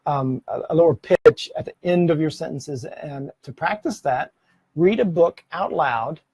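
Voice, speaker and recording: This middle-aged man's voice is a little high, with a darkish, husky tone and an unhurried pace, recorded with no room sound. Speaking into a camera mic, he casually gives practical tips on presentations, often fixing his sentences midway and sometimes laughing.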